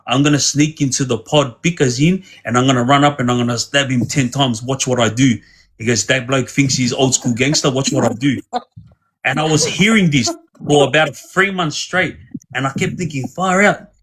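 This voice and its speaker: Husky man, casual storyteller, rambling delivery, acts out dialogue. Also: fairly high pitch. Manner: rambling, with many restarts and quoted dialogue. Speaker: guest telling prison stories on a livestream.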